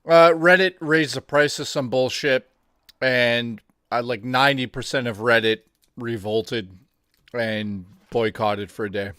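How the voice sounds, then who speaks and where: A man's voice: mid-range voice, measured pace, bright, forceful tone, clear, resonant tone, dry recording, studio quality. A man co-hosting a casual livestream, chatting in an offhand, joking and profane way. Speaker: co-host.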